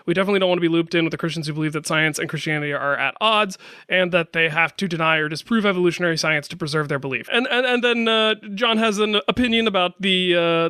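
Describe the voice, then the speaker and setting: A man's voice: high-pitched, sharp tone, clear, resonant tone, no echo, clean studio sound. A man hosting a podcast, reading listener mail and joking with his co-hosts in casual chat. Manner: chatty, self-correcting, joking. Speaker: podcast host.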